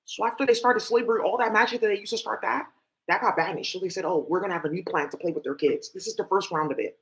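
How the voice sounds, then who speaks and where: A woman's voice: mid-range voice, quick pace, slight background noise. A woman vlogger talking to camera in a rambling, emphatic monologue full of swearing.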